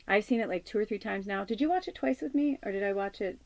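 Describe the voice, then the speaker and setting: A woman's voice: mid-range voice, fast talker, vocal fry, dry recording. A woman in her forties, hosting a spiritual talk show, speaking in an earnest, rambling way with many fillers and restarts. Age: 40s. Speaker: spiritual medium hosting a channel. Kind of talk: casual spiritual chat.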